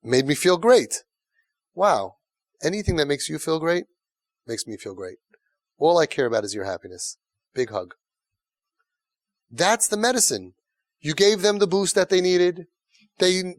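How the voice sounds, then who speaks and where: A man's voice: high-pitched, no echo, clean studio sound. A man lecturing parents as a parenting coach. He talks emphatically and repeats words for stress. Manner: emphatic, repetitive, animated.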